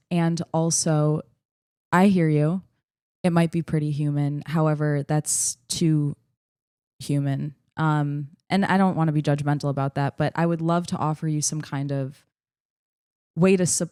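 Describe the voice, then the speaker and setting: A woman comedian giving mock-earnest, faux-therapeutic advice in a deadpan, soothing way. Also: sits low, clear, resonant tone, no room sound, studio quality. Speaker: comedian contestant.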